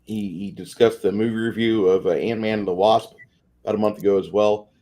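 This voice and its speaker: A man's voice: lowish voice, steady tone, fairly quick, dark tone. A man co-hosting a casual stream, rambling in a friendly way and often repeating his words. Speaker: co-host.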